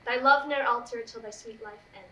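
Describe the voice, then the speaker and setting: An actress playing a gentle, modest young woman in love, speaking soft, measured verse on a live stage. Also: a little high. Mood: tender. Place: theater stage. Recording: echoey stage, recorded from far off.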